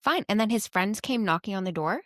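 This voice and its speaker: Lively storytelling mom, dry sound. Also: female voice, medium pitch, a little fast, dry recording. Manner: lively storytelling, laughing often. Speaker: podcast co-host; mother. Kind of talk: casual chat.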